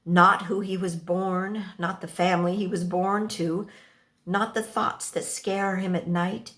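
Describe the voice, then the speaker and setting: A woman performing a dramatic first-person story aloud, reading slowly and expressively and acting out the dialogue. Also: lowish voice. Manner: slow, expressive, acts out the dialogue.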